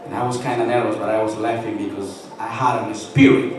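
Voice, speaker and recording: A man preaching a sermon as a minister, impassioned and building to shouted praise. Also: fairly low pitch, little pitch movement, fast. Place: church sanctuary. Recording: echoey church from far off with music.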